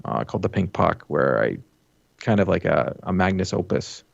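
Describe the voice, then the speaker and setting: A man's voice: low-pitched, lively intonation, moderate pace, gravelly, no echo. A man born in the US who grew up near Toronto, a podcast guest chatting casually and telling rambling, self-deprecating stories with lots of restarts. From US, born in Atlanta, raised near Toronto. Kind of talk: casual chat. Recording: dry, slightly dull audio.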